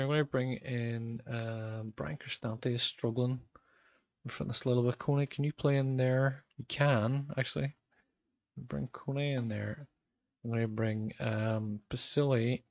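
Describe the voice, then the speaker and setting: Northern Irish streamer, thirties, rambling with lots of ums, dry dull-sounding mic. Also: male voice, medium pitch, no echo. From Northern Ireland. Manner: rambling, frequent ums, reacts to match events. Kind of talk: live gameplay commentary with chat.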